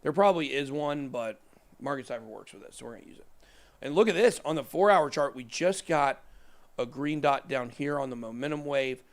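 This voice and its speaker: This crypto show host, a man in his thirties, has a medium-pitched voice and a fairly quick pace. He chats casually over live price charts, rambling and making jokes at his own expense.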